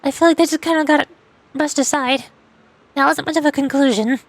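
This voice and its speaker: In a dry recording, a young woman with a high, steady voice talks a little fast as she streams a game. She reads dialogue out loud, jokes around, and frequently wonders aloud in puzzled asides.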